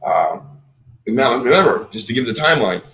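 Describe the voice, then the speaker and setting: A man's voice: medium pitch, normal speed. A man, a podcast guest telling stories in casual chat and acting out the people he quotes. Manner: animated storyteller, acts out quotes.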